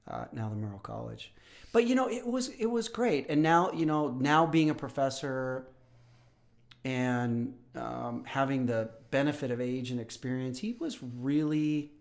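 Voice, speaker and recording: Gravelly-voiced man in his fifties. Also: mid-range voice, unhurried. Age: 50s. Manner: storytelling, often clears throat. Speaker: professor; podcast guest. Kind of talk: casual conversation.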